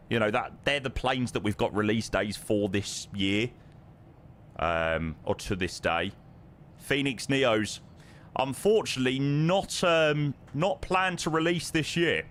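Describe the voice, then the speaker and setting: A British man with a medium-pitched, fairly bright voice chats casually over his flight sim live stream. Between reading viewer messages out loud, he calls out runway and altimeter figures.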